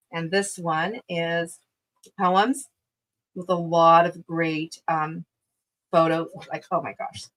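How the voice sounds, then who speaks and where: A woman's voice: fairly low pitch, a bit bright, low-quality recording. A middle-aged woman hosting a live online craft sale from her craft room, chatting casually, exclaiming over items and laughing often. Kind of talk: casual live-stream selling chat.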